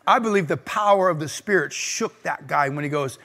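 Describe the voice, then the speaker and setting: High, bright-voiced energetic male pastor. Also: fairly quick, creaky, few pauses. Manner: energetic, calls on the congregation to respond. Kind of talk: sermon. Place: church service.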